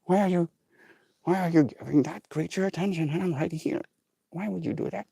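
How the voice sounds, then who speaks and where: A man's voice: on the high side, fairly even intonation, fairly quick, creaky, warm tone, breathy edge, no room sound, pitched above the performer's own voice. A man voicing his jealous pet dog, who complains indignantly and whines for attention. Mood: jealous, whiny.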